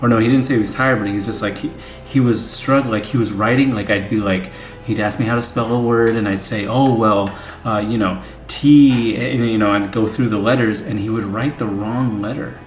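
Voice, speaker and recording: A man's voice: on the low side, fairly even intonation, fairly quick. A young man, a father, telling a family story in a casual, rambling way, full of "like" and "you know". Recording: echoey room, faint music.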